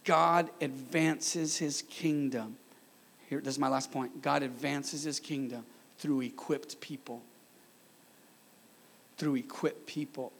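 A man in his thirties preaching a lively sermon in a church, calling on the congregation to answer and repeat after him. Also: medium pitch, a little slow, vocal fry, long pauses, husky. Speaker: pastor. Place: church sanctuary.

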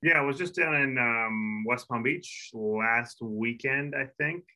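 A man's voice: medium pitch, takes it slowly, bright, forceful tone, rough recording. A man from New York co-hosting a podcast, chatting casually and rambling with many fillers and restarts. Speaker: podcast co-host. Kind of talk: casual chat.

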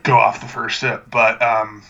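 A man's voice: medium pitch, little pitch movement, measured pace, creaky, fairly bright tone, dull audio. A man co-hosting a casual podcast, chatty and rambling with a dry sense of humor. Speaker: podcast co-host. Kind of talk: casual chat.

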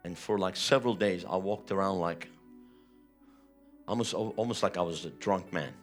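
A man's voice: low-pitched, normal speed, faint music behind. A man preaching a sermon, retelling a personal testimony with vivid, emotional storytelling. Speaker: pastor.

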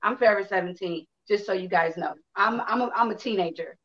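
A woman in her fifties from Chicago, telling a personal story to listeners in a candid, animated way, acting out quotes and swearing freely. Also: mid-range voice, a little fast, muffled recording.

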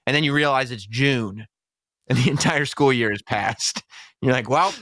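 A man's voice: mid-range voice, moderate pace, fairly bright tone. A young adult man as a podcast guest in casual chat, telling self-deprecating stories and laughing often.

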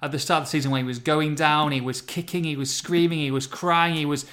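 A man's voice: a little high, steady tone, quick pace, a bit bright. A man hosting a casual football podcast, chatty and teasing. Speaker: podcast host.

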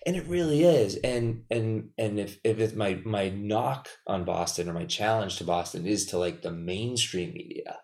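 A man hosts a podcast in casual conversation, his voice sitting a little low. He is agreeable and upbeat, and he keeps nodding along with frequent yeahs. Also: moderate pace, hardly any pauses, darkish tone. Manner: agreeable, says "yeah" often, enthusiastic.

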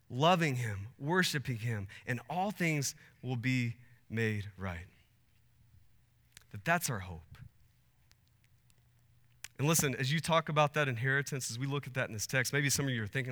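A man's voice: medium pitch, big pitch swings, moderate pace, long pauses, bright, forceful tone. A man in his thirties preaching a sermon as pastor, earnest and building to emphatic peaks. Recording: long hall reverb.

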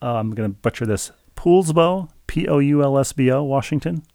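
A man with a gravelly, fry-edged voice co-hosts a chatty podcast. He reads listener mail aloud with dry humor and stumbles over repeated words. His voice sounds close and dry. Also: mid-range voice, fast talker, mellow, no room sound. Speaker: podcast co-host. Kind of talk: casual chat, reading listener mail.

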